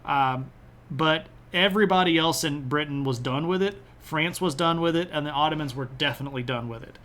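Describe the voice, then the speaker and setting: A man's voice: fairly high pitch, a little fast, a bit bright. A man giving a casual, chatty history lecture on a live stream, with frequent "uh" and "um" fillers. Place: home streaming setup.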